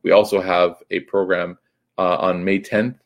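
A man's voice: low-pitched, little pitch movement, normal speed, dull audio. A young man giving a reflective religious talk in a casual, conversational way, full of fillers and restarts. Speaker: Islamic teacher.

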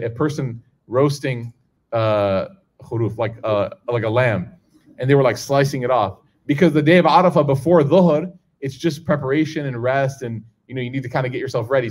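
This religious teacher's voice is medium in pitch and a little mellow. In his informal talk to a live audience, he checks in repeatedly with "right?" and "okay?", voicing quoted figures from his stories more loudly.

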